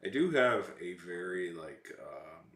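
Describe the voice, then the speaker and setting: A man from Texas talks casually on a livestream, rambling and joking with a bright, lively voice that rises and falls a lot. The room around him is echoey. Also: low voice, slow pace. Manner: rambling, jokey, chatty. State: slightly sick. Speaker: streamer.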